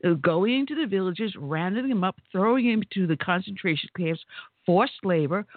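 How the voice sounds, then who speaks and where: A woman's voice: mid-range voice, lively intonation, moderate pace, no echo. A woman hosting a conservative talk radio show, chatty and telling stories with exclamations. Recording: tinny phone-like line.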